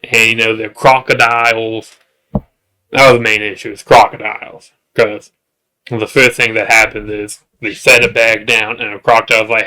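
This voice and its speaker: This show reviewer gives a casual comedic recap, rambling and joking with asides and restarts until he builds into high-pitched exasperation. His voice is bright, his tone level, and his pace moderate.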